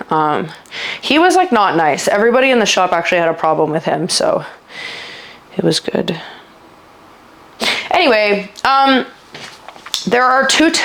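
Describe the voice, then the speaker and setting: A woman vlogger telling a personal story in casual chat, rambling with lots of filler words and sometimes halting and trailing off. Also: medium pitch. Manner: halting, trailing off when upset.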